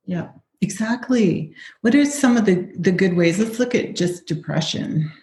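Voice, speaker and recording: A woman's voice: medium pitch, expressive, unhurried, a little mellow. A woman hosting a podcast, agreeable and affirming as she interviews her guest. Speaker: podcast host. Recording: roomy with faint background noise.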